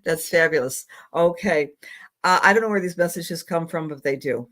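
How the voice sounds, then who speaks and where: A woman's voice: sits low, big pitch swings, a little fast, fairly bright tone. A middle-aged woman astrologer giving psychic readings on a live stream, affectionate and rambling, with many fillers.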